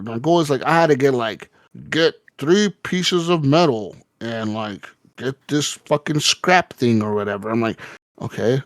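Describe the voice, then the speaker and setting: A man co-hosting a gaming podcast, telling a rambling, profane story in casual chat and acting out quotes with sudden jumps in pitch. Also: no echo, clean studio sound. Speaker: podcast co-host.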